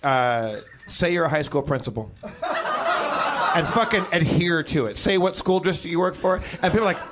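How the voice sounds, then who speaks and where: A man guesting on a live comedy podcast, telling animated, profane anecdotes full of stumbling restarts. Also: fairly high pitch, moderate pace, heavy background noise. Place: stage before a live audience.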